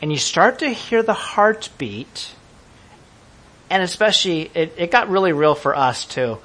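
Lively, laughing male pastor. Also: sits high, unhurried. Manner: lively, laughing, acts out voices of listeners. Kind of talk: sermon.

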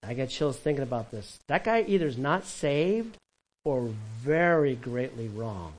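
A man preaching a sermon as pastor, animated and conversational, with quick asides to the congregation. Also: mid-range voice, poor audio.

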